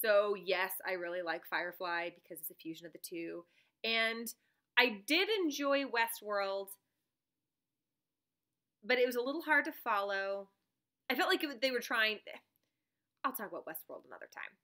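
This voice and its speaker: A woman's voice: mid-range voice, moderate pace, pauses often, sharp tone. A woman talking casually to her viewers in a rambling, chatty way, often breaking into laughs; she is a teacher who makes reaction videos, speaking at home to a camera mic.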